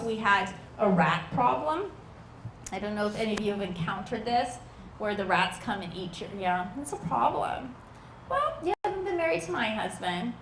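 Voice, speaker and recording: A high-pitched woman performs stand-up, her voice leaping up and down as she acts out everyone in her stories. The sound is echoey, with faint outdoor ambience behind her. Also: noisy background. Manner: animated, acts out quoted people with voice changes. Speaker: stand-up comedian. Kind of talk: stand-up comedy storytelling. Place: outdoor backyard show.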